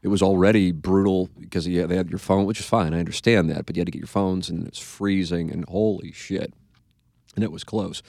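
A man's voice: low voice, fairly even intonation, a little fast, creaky, a little mellow, no echo, clean studio sound. A man hosting a podcast in casual chat, rambling and profane, trailing off into asides. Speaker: podcast host.

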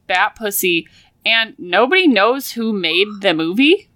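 A woman's voice: medium pitch, a little slow, no echo. A woman co-hosting a podcast, chatting casually and laughing easily. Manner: giggly, animated. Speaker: podcast co-host.

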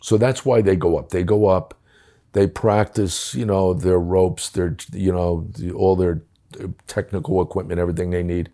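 Gruff older man. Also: sits low, steady tone, moderate pace, dark tone. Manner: blunt, profane, conversational with reenacted dialogue. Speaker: former police commissioner. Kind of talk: casual storytelling.

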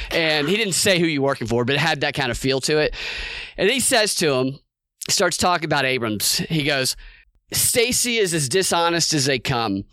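A man co-hosting a podcast, talking over political news in a casual, animated way and acting out quotes. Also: medium pitch, normal speed, clean tone, no echo. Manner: animated, quotes others in put-on voices. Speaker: podcast co-host.

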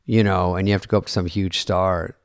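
A man's voice: deep voice, flat delivery, brisk, smooth, no room sound. A man co-hosting a podcast, riffing and joking with mock quotes in casual chat. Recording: dry, close sound.

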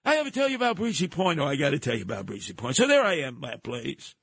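An older man, hosting a radio talk show and telling lively stories from his youth, with occasional shouting. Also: a little high, fast talker, breathy edge, no echo. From New York. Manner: animated, colorful storytelling with bursts of shouting. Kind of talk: storytelling monologue.

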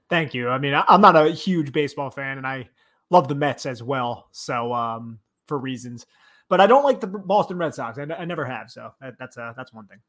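A man's voice: mid-range voice, lively intonation, moderate pace, a bit bright. A man with a Philadelphia accent co-hosting a sports podcast, easygoing and a little hesitant, with repeated restarts. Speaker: podcast co-host. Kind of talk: casual sports podcast chat.

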